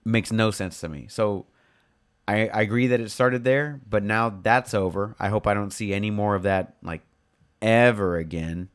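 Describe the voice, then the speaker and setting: Low-pitched young guy ranting casually on a podcast, blunt and sweary. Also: normal speed, clear, resonant tone. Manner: blunt, swears freely, fired up. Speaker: podcast co-host. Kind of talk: casual chat.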